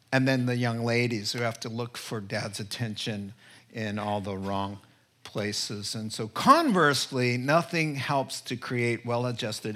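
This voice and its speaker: Bright-voiced middle-aged male pastor preaching. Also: medium pitch. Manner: storytelling, playful, laughs at own jokes. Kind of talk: sermon.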